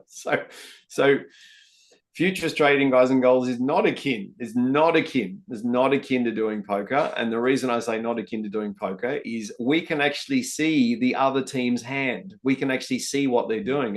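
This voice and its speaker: Man, live-stream trading host, chatty and matey, mid-pitched voice. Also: normal speed. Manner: chatty, addresses viewers as guys and mate. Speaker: trading educator hosting a live session.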